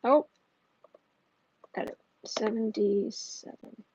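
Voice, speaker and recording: A woman reads tarot cards live while answering her chat, her voice medium in pitch and sliding from indignant venting into quieter asides. She restarts sentences as she works herself up. The sound is a little dull and lo-fi. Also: takes it slowly, slight background noise. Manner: heated, ranting, frequent restarts. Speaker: tarot reader and channel host. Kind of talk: livestream tarot reading with chat.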